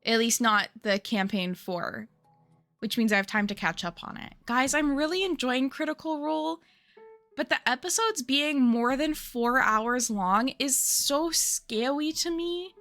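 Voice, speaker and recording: A woman's voice: sits high, unhurried, fairly bright tone, soft background music. A young adult woman streamer in casual chat with her viewers, rambling, giggly and answering chat as she goes.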